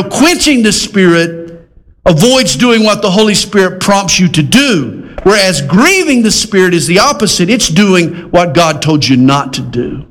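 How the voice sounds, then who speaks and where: A high-voiced man delivers a sermon. He mixes folksy humor with loud, emphatic exhortation that swings up high and then settles into slow, low, earnest lines. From American South. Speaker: preacher.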